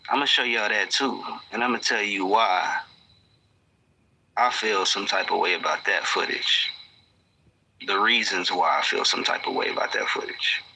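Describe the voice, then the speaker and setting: A lower-voiced man with a gravelly rasp talks loose street slang on a livestream. His tone is sharp and very bright, and his pitch moves a lot. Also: moderate pace, a little hiss or hum, poor audio. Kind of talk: casual livestream talk.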